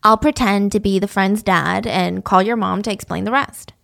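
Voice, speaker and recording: A woman's voice: medium pitch, fairly even intonation, moderate pace, creaky, fairly bright tone. A woman voicing a middle-aged man posing as an FBI agent, coaxing and persuasive. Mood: smooth.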